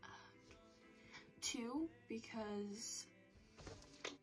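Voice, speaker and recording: A woman's voice: fairly high pitch, extremely slow, over music, low-quality recording. A teenage girl chatting to camera on a phone for her vlog, rambling and poking fun at herself. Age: teens. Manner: rambling, self-mocking, chatty. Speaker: vlogger. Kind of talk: casual chat to camera.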